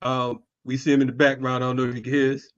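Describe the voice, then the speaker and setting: A man's voice: mid-range voice, little pitch movement, fast. Male call host, casual banter, stammery starts, muffled lo-fi audio. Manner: warm banter, repeats words. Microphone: video call.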